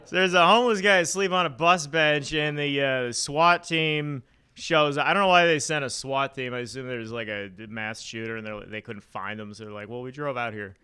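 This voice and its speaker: A man doing a stand-up set at an open mic in a small comedy club, telling dark jokes deadpan with halting fillers. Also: mid-range voice, clean tone.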